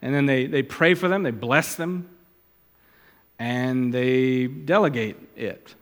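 A man preaching a sermon as a pastor, talking conversationally and wandering into asides that trail off quietly. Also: medium pitch, slow pace, long reverb tail.

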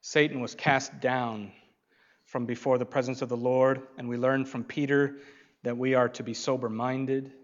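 A man preaching an expository sermon, slow and emphatic, swinging from loud declarations to quiet asides. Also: medium pitch, level tone, muffled recording.

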